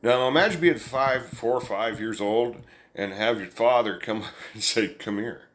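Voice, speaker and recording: A man's voice: mid-range voice, moderate pace, a bit bright. A man telling a family story in a casual, folksy, rambling way, chuckling along as he goes. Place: indoors, room with an amplifier.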